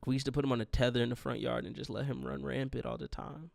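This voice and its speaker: A man's voice: medium pitch, level tone, quick pace, gravelly, darkish tone, no echo, studio quality. A man in his twenties hosting a podcast, telling a rambling, profane, grieving story in a casual monologue. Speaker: podcast host.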